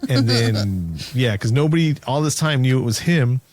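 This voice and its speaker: A man's voice: mid-range voice, normal speed, darkish tone, no room sound. A man casually retelling a movie's plot on a podcast, rambling and cracking jokes along the way. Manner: rambling storyteller, jokey asides. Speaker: podcast co-host. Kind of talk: casual movie recap chat.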